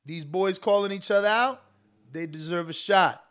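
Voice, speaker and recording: Animated high-voiced man ranting on boxing. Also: normal speed, clear, resonant tone. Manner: animated, slangy, emphatic, talks straight to the audience. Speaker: boxing commentary show host. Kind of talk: casual livestream talk reading super chats.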